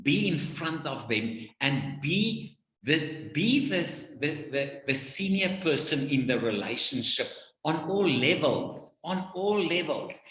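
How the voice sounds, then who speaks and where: Man, parenting speaker, lively emphatic delivery, preachy repeated commands; roomy long-reverb hall sound. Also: a little high. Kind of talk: advice talk with anecdotes. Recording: echoey room with long reverb.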